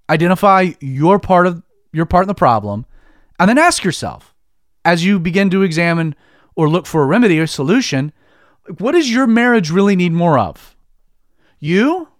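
A man's voice: sits high, big pitch swings, moderate pace, long pauses, no echo, clean studio sound. A man giving a casual devotional teaching, talking in a conversational way with many restarts. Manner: conversational, heavy use of "like", frequent restarts. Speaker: Christian preacher.

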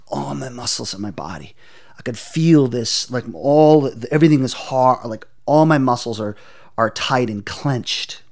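A man telling a personal testimony in an interview, earnest and intense, often halting and repeating words as he searches for them. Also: mid-range voice. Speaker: interview guest.

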